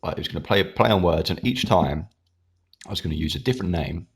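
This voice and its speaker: A man's voice: sits low, lively intonation, quick pace. A man, hosting his own channel, chatting casually in a rambling way while eating with his mouth full. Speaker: YouTube channel host.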